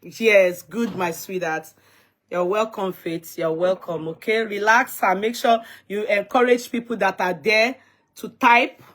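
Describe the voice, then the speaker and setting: A woman's voice: medium pitch, measured pace, fairly bright tone. A Nigerian woman hosting a casual livestream, chatty and teasing, greeting viewers by name and switching into Yoruba and Pidgin. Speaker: livestream host.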